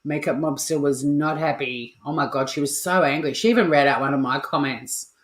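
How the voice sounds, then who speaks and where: Chatty and playful, an Australian woman cooks live in her home kitchen, cursing freely and tossing asides to her audience. Her low voice runs a little fast and echoes on the home mic.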